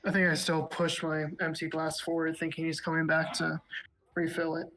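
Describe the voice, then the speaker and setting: A player in a tabletop role-playing game narrates their own character in the first person. The delivery is subdued and brooding, and the pitch stays flat and monotone throughout. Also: normal speed, low-quality recording.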